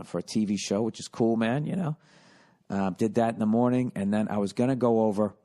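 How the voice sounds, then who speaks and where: Podcast host in his forties, low-voiced man, swears a lot, gets loud and animated telling stories. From United States. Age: 40s. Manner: profane, animated, loud when retelling. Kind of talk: comedic storytelling rant.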